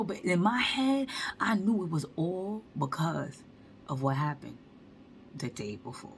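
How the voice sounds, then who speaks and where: A woman with a low voice tells a storytime monologue straight to her viewers. She talks in animated slang and acts out every quote, with a faint hiss of noise behind her. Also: quick pace, creaky. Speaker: vlogger.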